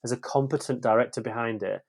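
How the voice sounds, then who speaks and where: A man talks through a film review in a loose podcast chat. He is blunt and curses freely, tripping over his own restarts. His voice sits at an ordinary middle pitch. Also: fast talker, vocal fry, a little mellow. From West Yorkshire, England. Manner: frank and blunt, swears freely, tumbling restarts.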